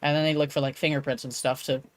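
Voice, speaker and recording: A woman's voice: low voice, little pitch movement, quick pace, no echo. Rambling young woman streamer. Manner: rambling, trails off with "like". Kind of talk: casual let's-play commentary.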